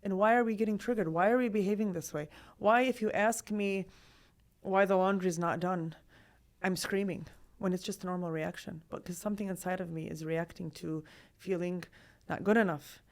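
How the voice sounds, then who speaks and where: A woman in her thirties, a trauma therapist, talking in a podcast conversation, animated and full of rhetorical questions. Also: lowish voice, normal speed. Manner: animated, acts out quoted voices, asks many rhetorical questions.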